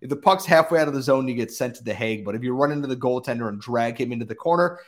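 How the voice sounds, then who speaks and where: A man's voice: mid-range voice, very fast, hardly any pauses. A man with a cold talks in a loose, chatty podcast style. He reads the sponsor spots and then rants in an exasperated way. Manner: exasperated ranting. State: has a cold. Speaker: podcast host. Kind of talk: casual sports podcast chat and read ads.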